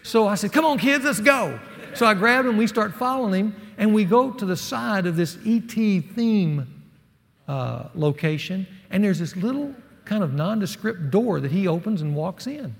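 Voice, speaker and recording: A middle-aged man preaches to a room of men and spins a personal story with folksy energy. His voice sits a bit high and has a gravelly edge. A long reverb from a large hall trails his words. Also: expressive, moderate pace. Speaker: speaker at a men's ministry session. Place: large hall with a live audience.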